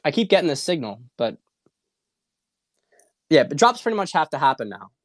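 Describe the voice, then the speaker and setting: A man's voice: a little high, sing-song, moderate pace, no echo, clean studio sound. Profane, fired-up man ranting. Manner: rambling, repetitive, fired-up and profane. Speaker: political commentary host. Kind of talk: casual livestream monologue.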